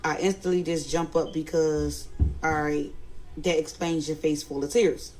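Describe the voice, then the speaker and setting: A woman's voice: low voice, steady tone, measured pace, darkish tone, soft background music, poor audio. A woman with a Philadelphia accent telling a family story in a casual storytime, animatedly quoting others and growing indignant. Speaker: storyteller recounting family drama.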